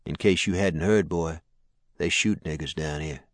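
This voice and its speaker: A man voicing a calm, coldly threatening male lawman in an audiobook, close to his own low voice. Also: moderate pace, no echo.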